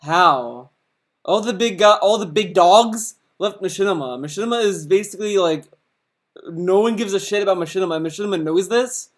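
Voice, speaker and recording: A man's voice: sits high, normal speed. A man giving reaction commentary in a sarcastic, profane, mocking manner.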